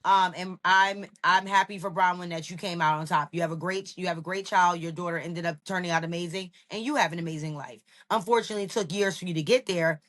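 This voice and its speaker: A woman in her thirties co-hosting a podcast, talking in an animated, emphatic way. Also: lowish voice, fast talker, few pauses. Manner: animated, emphatic, talks straight to people. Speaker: podcast co-host. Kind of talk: casual recap chat.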